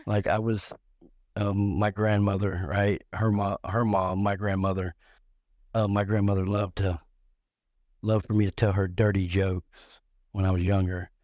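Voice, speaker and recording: A man's voice: on the low side, level tone, a little slow, pauses often, darkish tone, dry recording, dull audio. A middle-aged man telling crude, joking stories on a live talk show, rambling along with many restarts and repeated words.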